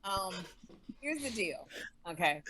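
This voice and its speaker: A woman's voice: medium pitch, big pitch swings, slow pace, pushed and bright. A woman co-hosting a comedic casual chat, teasing and drawing out playful exaggerated pronunciations. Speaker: co-host.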